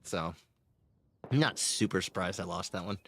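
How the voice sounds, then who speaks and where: A man streaming a game and chatting casually, his voice strained and hoarse, laughing often and swearing. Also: low voice, moderate pace, a bit bright, slight background noise.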